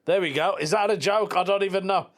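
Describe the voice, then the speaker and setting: A man's voice: sits high, fast talker. A man hosting a casual solo podcast, telling stories in informal slang and laughing at his own jokes. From England. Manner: informal slang like "proper" and "mate". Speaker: podcast host.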